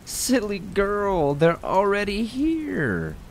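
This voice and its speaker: A man's voice: sits high, sing-song, takes it slowly, vocal fry, a little hiss or hum, voice pushed up, exaggerated voice. A man voicing a sinister, falsely sweet male stuffed toy rabbit with a wheezing sing-song menace in a horror story. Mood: warped glee.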